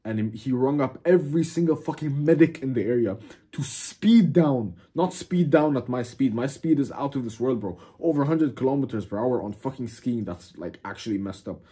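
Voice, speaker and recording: A young man casually telling a dramatic personal story to camera, animated, cursing and calling the listener "bro". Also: medium pitch, moderate pace, breathy edge. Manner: animated, swears a lot, keeps saying "bro". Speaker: vlogger.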